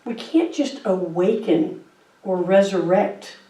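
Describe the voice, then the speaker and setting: In a slow, mellow voice of medium pitch, a middle-aged woman serving as guest speaker weaves a personal story into her sermon with a laid-back, conversational feel. It was recorded in a church sanctuary on a distant mic that picks up the room.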